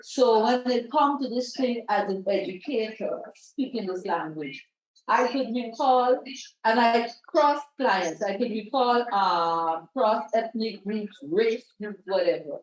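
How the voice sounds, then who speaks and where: A middle-aged woman from Guyana tells stories from her years as a mental health practitioner, acting out the voices of the people she quotes. Her voice sits on the high side. The recording is echoey and dull. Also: animated, slow pace. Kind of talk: panel discussion talk. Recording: roomy, dull lo-fi sound.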